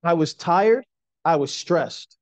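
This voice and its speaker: A middle-aged man preaching a sermon in an earnest, slow and emphatic way. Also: on the high side, lively intonation, dry recording, highs cut off.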